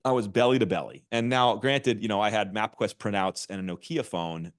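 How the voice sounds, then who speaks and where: A middle-aged man talking casually as a podcast guest, animated and quick to restart his sentences with repeated words. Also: fairly low pitch. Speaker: podcast guest, author and marketing executive. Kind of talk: casual interview talk.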